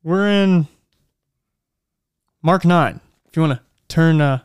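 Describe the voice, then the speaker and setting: A male podcast host gives an earnest, reflective faith talk and slows down to stress key lines. His voice is smooth and resonant. The sound is dry and close, with no room echo. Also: a little high. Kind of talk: faith-based motivational talk.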